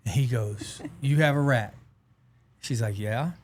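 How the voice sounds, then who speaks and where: A man's voice: medium pitch, moderate pace, a little mellow, slight background noise. A man from Southeast Texas, hosting a casual music podcast and telling folksy stories with easy laughs. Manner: folksy storyteller, laughs easily. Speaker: podcast host. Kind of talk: casual interview chat.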